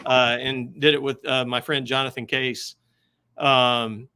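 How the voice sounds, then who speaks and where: A man's voice: medium pitch, flat delivery, measured pace, sharp tone, clear, resonant tone. A man guesting on a podcast, chatting casually and hesitantly with lots of fillers. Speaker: podcast guest, comic writer. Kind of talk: casual chat.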